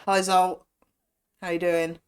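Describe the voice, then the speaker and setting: A woman's voice: lowish voice, little pitch movement, takes it slowly, clean tone. A woman chatting casually as a streamer while playing a game, rambling and self-mocking. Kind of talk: casual chat while gaming.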